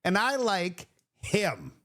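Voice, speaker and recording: A man's voice: sits high, huge pitch swings, slow pace, bright, forceful tone, full character voice. A man imitating a brash, boastful male politician who talks in a blunt, mocking way. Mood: boasting.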